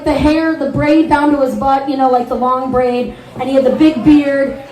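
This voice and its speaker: At an open mic on a bar stage, a Midwestern woman in her thirties delivers a candid, rambling stand-up set packed with filler words. Her voice is high yet darkish in tone, and the live room sounds echoey.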